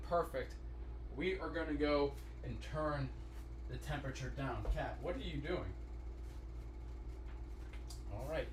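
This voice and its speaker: A man's voice: on the high side, a little hiss or hum. A man from the Pittsburgh area hosting a casual live cooking stream from his home kitchen, chatting straight to viewers and swearing casually. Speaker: cooking livestream host.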